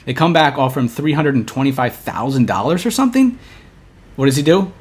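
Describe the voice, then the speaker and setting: A young man co-hosting a podcast, telling a long story in casual chat, animated, restarting often and acting out the lines he quotes. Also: mid-range voice, a little fast, breathy edge. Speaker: podcast co-host.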